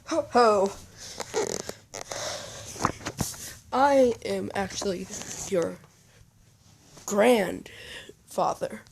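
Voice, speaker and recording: A woman voicing a jolly, cheerful old Santa Claus, speaking loudly and heartily. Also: mid-range voice, drawn-out words, vocal fry, background noise. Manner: hearty, loud, chuckling.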